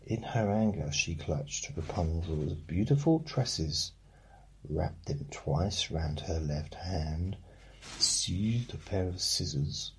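A man reading a bedtime fairy tale aloud, breaking off for deadpan jokes. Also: low voice, slow pace, slight background noise, low-quality recording. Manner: deadpan, joking. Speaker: storyteller. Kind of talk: bedtime story reading with comic asides.

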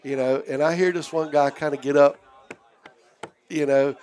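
A man's voice: fairly high pitch, steady tone, normal speed, darkish tone. A man telling a charter boat story in casual chat, acting out the voices of the people in it. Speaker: former charter boat captain. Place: outdoor deck.

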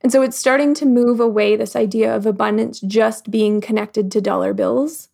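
A woman guest in a casual interview, talking reflectively with lots of "like" fillers and acting out the thoughts she quotes in lively voices. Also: a little high, moderate pace, creaky. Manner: frequent "like" fillers. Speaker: podcast guest.

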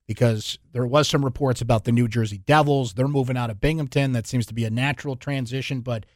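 A man hosting a sports talk radio show in a studio, chatty and energetic, laughing often. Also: mid-range voice, quick pace, dry recording.

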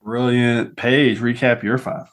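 A man's voice: medium pitch, flat delivery, slow pace. A man hosting a podcast panel, enthusiastically running through picks and stats in casual chat. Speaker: podcast host.

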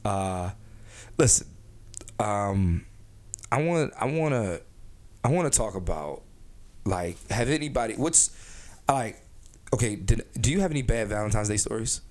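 A man's voice: lowish voice, expressive, a little slow, long pauses, darkish tone. A young man hosting a casual podcast, brash and profane, rambling with lots of restarts and filler. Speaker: podcast host.

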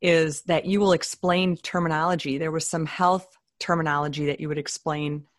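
A woman's voice: sits low, steady tone, moderate pace. A woman interviewing a guest, laughing often and asking encouraging questions. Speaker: interviewer, podcast host. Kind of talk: casual interview conversation.

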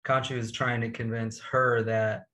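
A man in casual chat, calmly correcting and filling in the order of scenes. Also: mid-range voice, normal speed. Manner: matter-of-fact, corrects details.

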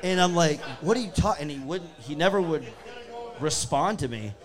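A man's voice: fairly high pitch, normal speed. A man, casually telling spooky stories and acting out what people said. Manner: animated storyteller acting out his own quotes. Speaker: guest storyteller. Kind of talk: casual ghost-story chat.

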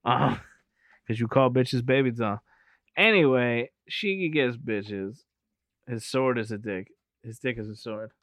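A man's voice: mid-range voice, a little slow, a bit bright, no room sound. A man in casual, profane chat, rambling through a movie recap and laughing often. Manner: rambling, laughs often, keeps saying anyway.

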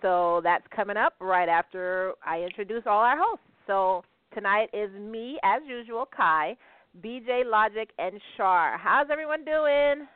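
A woman's voice: mid-range voice, expressive, unhurried, dry recording. Woman hosting over a tinny line. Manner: teasing, laughs often. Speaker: radio show host. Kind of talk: casual panel chat. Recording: tinny phone-like online call.

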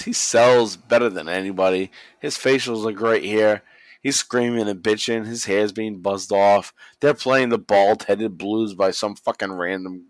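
A man excitedly recapping a wrestling match in casual chat, swearing a lot and acting out the wrestlers' lines. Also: on the low side, no room sound. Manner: animated, swears constantly, acts out quotes. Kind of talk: casual profane play-by-play recap.

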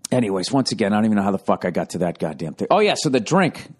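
A man with a fairly low voice talks through a long, rambling story on his own podcast. He swears freely and keeps breaking off to do high, mocking impressions of the people in his story. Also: sing-song, fast, few pauses. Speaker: podcast host. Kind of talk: casual storytelling monologue.

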